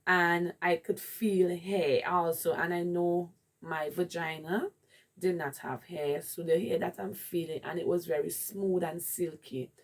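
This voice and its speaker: A woman's voice: fairly low pitch, fairly even intonation, unhurried. A woman with a Jamaican accent candidly telling a rambling personal story in a vlog. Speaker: vlogger.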